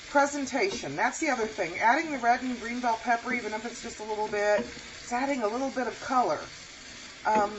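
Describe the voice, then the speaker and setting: A woman's voice: fairly high pitch, lo-fi sound, background noise. A woman chatting casually in a home cooking vlog. She rambles as she tastes her food, with lots of pleased mm's. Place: home kitchen.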